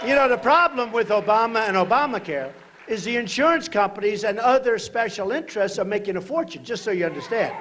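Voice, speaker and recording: A man giving a campaign rally speech in a large hall, emphatic and repetitive, often shouting short phrases to the crowd. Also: high-pitched, expressive, a little fast, a little hiss or hum. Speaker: political candidate at a rally. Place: large hotel event hall, live rally. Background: crowd of supporters.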